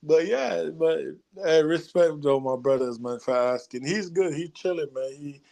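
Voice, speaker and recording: A man's voice: on the high side, moderate pace, vocal fry, mellow. Laid-back young man chatting casually. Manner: laid-back, laughs often. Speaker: podcast co-host. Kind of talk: casual sports chat.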